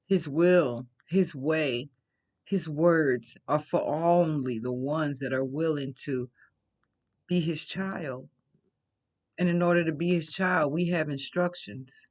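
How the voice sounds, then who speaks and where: Tearful, slow-talking woman preaching faith. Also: low voice, a little mellow. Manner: earnest, repeats phrases for emphasis. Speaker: faith vlogger. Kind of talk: emotional faith testimony, preachy.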